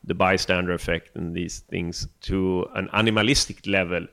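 A man who is a film director, a Swedish native speaker, answering interview questions in a thoughtful, halting way with many restarts. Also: deep voice, fairly even intonation, vocal fry, fairly bright tone.

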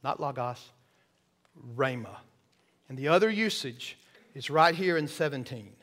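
A man's voice: medium pitch, lively intonation, measured pace, a bit bright. A man preaching a sermon in a church, folksy and checking that the congregation follows along. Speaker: pastor. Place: church sanctuary.

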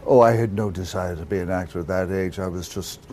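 A man's voice: low-pitched, fairly quick, mellow, slight background noise. A man in his sixties, born in Ireland, telling stories in a candid interview, reflective and self-deprecating, restarting his sentences often. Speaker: actor guest.

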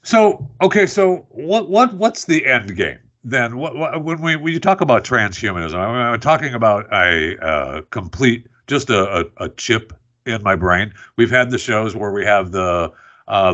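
Male radio host with a low voice; rambling, casual interviewer, slightly muffled lo-fi audio. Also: a bit bright. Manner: rambling, many fillers and restarts.

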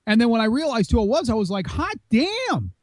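Man, high pitch, dry close sound, casual podcast chat, rambling restarts. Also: rapid-fire, darkish tone, dry recording. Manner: rambling, teasing, many restarts. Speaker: podcast co-host.

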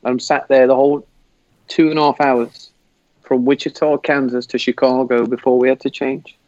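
A man's voice: mid-range voice, normal speed, dry recording, dull audio. A man with an English accent telling a rambling, laughing story as a podcast guest. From England. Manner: rambling, laughing, animated retelling. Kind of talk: casual storytelling. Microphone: video call.

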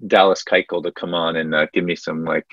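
Male podcast co-host, low-pitched, spins sports anecdotes in a casual chatty way; dry, muffled recording. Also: a little fast, dry recording. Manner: storytelling, animated retelling of anecdotes.

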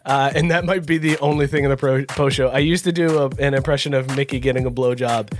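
A man's voice: mid-range voice, steady tone, quick pace, faint music behind. A man co-hosting a casual podcast, talking about a beer in a teasing, loose way and swearing. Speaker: podcast co-host. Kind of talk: casual beer-review chat.

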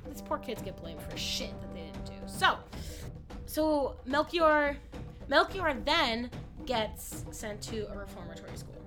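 A woman's voice: fairly high pitch, unhurried, music in the background. A woman co-hosting a podcast, casually retelling a musical's plot and acting out the characters' lines, with some swearing. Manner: animated, profane, acts out characters' lines. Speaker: podcast co-host.

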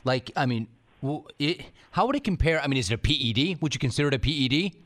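A man hosting a podcast interview speaks quickly at an ordinary pitch. He sounds brisk and appreciative as he thanks his guest and presses on with follow-up questions. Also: lively intonation, fairly bright tone. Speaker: podcast host.

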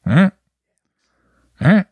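A man's voice: slow, a little mellow, no echo. A man co-hosting a podcast, teasing and wry in casual banter. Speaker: podcast co-host. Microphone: studio podcast mic.

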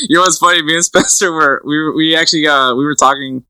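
Bright-voiced man, laughing, casual chat. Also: a little high, moderate pace, dry recording, low-quality recording. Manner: laughs often, rambling with restarts. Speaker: podcast co-host.

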